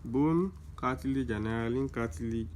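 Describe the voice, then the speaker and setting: A man's voice: mid-range voice, darkish tone, slight background noise. A young man, tutoring students through exam questions in a casual lesson, repeating key points with emphasis. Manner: explains slowly with many repeats, emphatic.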